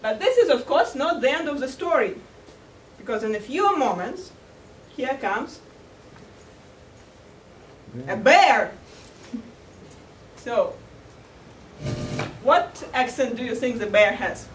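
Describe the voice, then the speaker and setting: A woman tells a humorous fable as a contest speaker, playful and chuckling at her own jokes. Her voice is high and swoops widely as she takes her time over each line. She is heard from far off in a large echoey hall. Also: big pitch swings, slow pace, long pauses, slight background noise. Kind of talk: humorous storytelling speech. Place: large hall at a cultural center.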